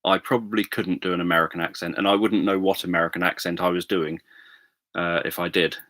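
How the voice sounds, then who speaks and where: A man chatting casually on a livestream, rambling with many pauses and self-corrections. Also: deep voice, level tone, a bit bright, dry recording. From England. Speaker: livestream host. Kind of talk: casual chat with viewers.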